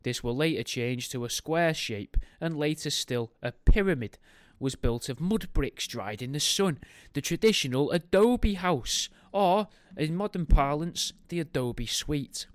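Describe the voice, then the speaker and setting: A man's voice: on the high side, expressive, a little slow, dry recording, clean studio sound. A man hosting a podcast, reading a history book aloud and breaking off into wry, joking tangents. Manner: wry, goes off on tangents, makes jokey asides while reading. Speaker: podcast host.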